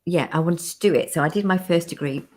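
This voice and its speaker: Woman hosting an interview over a video call, lowish voice, rambly chatty storyteller. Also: fast, a little mellow. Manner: chatty storyteller, laughs, acts out quoted people. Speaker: interview host. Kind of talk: casual interview chat, anecdotes.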